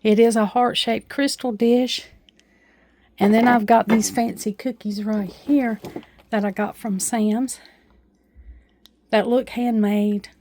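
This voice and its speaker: A woman's voice: fairly high pitch, warm tone, slight background noise. Chatty woman showing off home decor. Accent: Appalachian. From Appalachia. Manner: homey, chatty, with frequent uh fillers. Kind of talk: casual show-and-tell vlog. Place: at home, kitchen.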